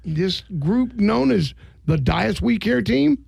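High, gravelly-voiced male radio host. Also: lively intonation, a little mellow, no room sound. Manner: joking, teasing, quick-talking. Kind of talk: lively radio interview. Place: radio studio.

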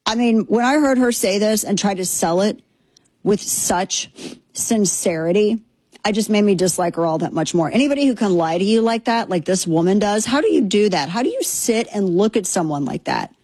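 A woman's voice: mid-range voice, lively intonation, moderate pace, a little mellow, breathy edge, no echo. Indignant woman talk show host. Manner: indignant, sarcastic, mocking. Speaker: political commentary host. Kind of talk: opinionated talk show monologue.

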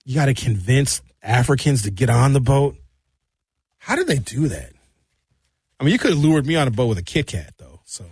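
A man from Milwaukee, hosting a comedy radio show. He rambles and jumps animatedly between high and low pitch. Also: very animated, normal speed, long pauses, darkish tone, slightly rough, no room sound, studio quality. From Milwaukee, USA. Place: radio studio.

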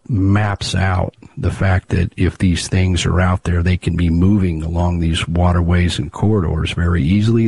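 A man answering interview questions as a researcher of local monster legends, explaining in a measured way. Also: low-pitched, a little mellow, slightly rough, no room sound.

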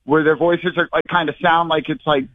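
A man's voice: on the high side, steady tone, a little fast, no echo. A man calling in to a radio show, telling a rambling, breathless story over the phone. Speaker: caller. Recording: tinny phone line.

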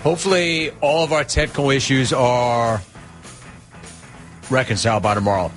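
A man's voice: mid-range voice, steady tone, normal speed, pauses often, fairly bright tone, faint music behind. A man hosting a radio show, telling a story in a chatty, wry, self-deprecating way. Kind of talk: casual storytelling monologue.

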